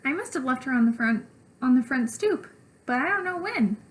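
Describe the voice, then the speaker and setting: A woman's voice: sits high, expressive, normal speed. A woman voicing a worried older sister, a young girl, in a storybook read-aloud. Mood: plaintive.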